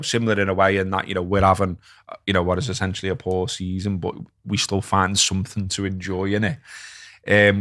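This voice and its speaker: A middle-aged man, chatting on a football podcast and getting animated when he retells rows. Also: deep voice, no room sound, studio quality. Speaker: podcast host. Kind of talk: casual chat.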